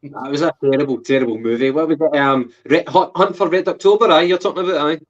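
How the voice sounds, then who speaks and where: A man's voice: a little high, quick pace. A man from England co-hosting a football podcast, reviewing a match in casual, swearing, teasing banter. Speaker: podcast co-host. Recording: lo-fi muffled audio.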